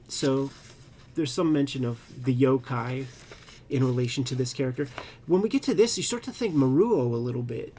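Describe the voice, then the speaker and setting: A man co-hosting a casual comics chat as a working cartoonist, talking in an animated, loose way with profane, slangy asides. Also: mid-range voice, normal speed, a little hiss or hum. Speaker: co-host, cartoonist.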